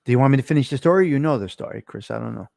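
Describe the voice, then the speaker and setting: A man's voice: medium pitch, lively intonation, rapid-fire, gravelly, darkish tone, no room sound, studio quality. A middle-aged man hosting a casual chat, telling stories in a blunt, profane, tough-guy way. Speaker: show host.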